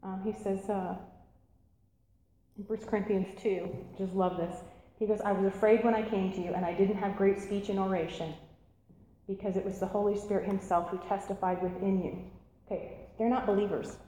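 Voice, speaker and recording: A woman teaching an interactive sermon, animated and laughing, asking the audience questions. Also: medium pitch, moderate pace. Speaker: church teacher. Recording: echoey hall, faint room noise.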